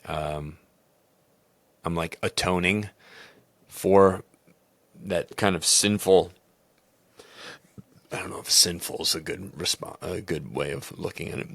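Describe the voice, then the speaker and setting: Podcast host, man, low and booming voice, candid self-critical rambling, dry recording. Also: takes it slowly, vocal fry, long pauses, no echo. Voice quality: loud booming voice. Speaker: baseball coach and podcast host. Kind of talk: personal reflective podcast talk.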